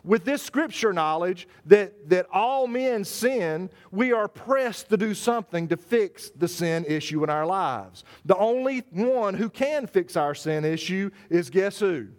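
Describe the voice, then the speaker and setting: A man preaching a sermon, stressing his words, repeating phrases and slowing down on scripture. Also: high-pitched, expressive. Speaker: pastor. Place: church service.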